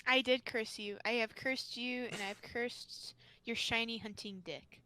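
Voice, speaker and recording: Slow, bright-voiced woman co-player. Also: fairly high pitch, steady tone, slight background noise. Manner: hesitant, fillers, playful. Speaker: co-player on a game stream. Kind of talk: casual let's-play chat.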